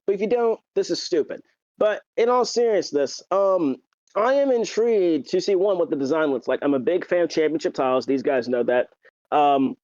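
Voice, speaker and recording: A man co-hosting a podcast, chatting casually and excitedly, with lots of fillers and restarts. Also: a little high, dry recording, highs cut off. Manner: rambling, filler-heavy, excitable. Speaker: podcast co-host. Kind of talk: casual wrestling chat.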